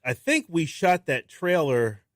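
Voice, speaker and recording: A man, a filmmaker guest on a radio show, talking in a casual, animated way and acting out what people said to him. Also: fairly high pitch, a little slow, no room sound, studio quality. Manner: animated storyteller who acts out quotes. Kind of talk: casual interview talk. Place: radio studio.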